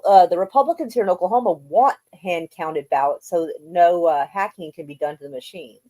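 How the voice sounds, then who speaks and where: A woman's voice: lowish voice, dark tone, dry recording. A woman hosting a casual live stream, rambling offhand and swearing now and then. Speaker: streamer host.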